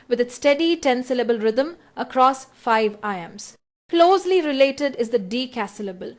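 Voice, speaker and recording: Woman reading out a literature lesson, kinda high-pitched, steady and explaining things clearly. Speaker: literature lecturer. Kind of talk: scripted exam-prep lecture.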